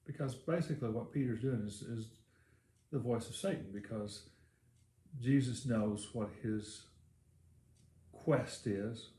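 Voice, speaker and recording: In an echoey church room, a male pastor with a lowish, darkish voice preaches a sermon. His storytelling is casual and rambling, with lots of fillers.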